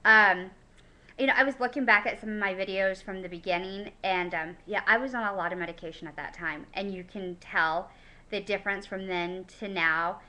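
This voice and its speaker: A woman's voice: medium pitch, normal speed, sharp tone, low-quality recording. A woman in her thirties talking casually in a personal video diary, chatty and emotional, with lots of fillers and restarts. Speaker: vlogger.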